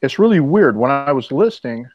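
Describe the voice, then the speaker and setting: A man's voice: mid-range voice, sing-song, moderate pace, no room sound, dull audio. A man hosting a casual chat, telling laid-back joking stories. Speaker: host.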